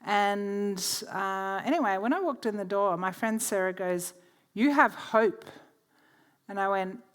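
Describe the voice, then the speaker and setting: A woman's voice: mid-range voice, normal speed, clean tone. A woman presenting a church workshop. She teaches through chatty personal stories and laughs easily.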